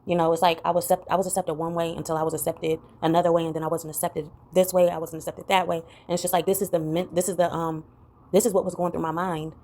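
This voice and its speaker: A woman's voice: level tone, fast, darkish tone. A woman talking reflectively in a personal vlog, rambling and full of "you know" fillers. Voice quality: gravelly low voice. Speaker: vlogger.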